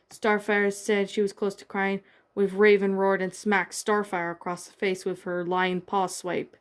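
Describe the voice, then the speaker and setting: Woman reading fan fiction haltingly. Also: mid-range voice, flat delivery, smooth. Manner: plain, halting reading with restarts. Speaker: narrator.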